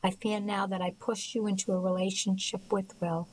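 A woman reading an audiobook, voicing a kind, motherly older woman in a brisk, concerned, slightly higher voice. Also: little pitch movement, darkish tone, lightly acted, rough recording.

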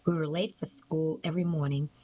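A woman reading a novel aloud as an audiobook narrator, in a measured, even storytelling manner. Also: deep voice, rough recording. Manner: measured, even storytelling with occasional small slips. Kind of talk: scripted narration.

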